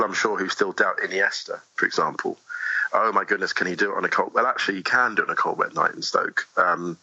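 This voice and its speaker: A man chatting as a podcast guest, his voice low-set and breathy yet cutting, lively and quick to laugh. The sound is dry and a bit muffled, with no room around it. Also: dry recording. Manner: animated, laughs easily, fast asides. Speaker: guest poet. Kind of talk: casual podcast chat.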